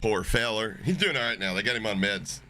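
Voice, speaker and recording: A man streaming live, chatting casually with his viewers, swearing freely and getting excited as he reacts to chat. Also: on the low side, fairly quick, no room sound.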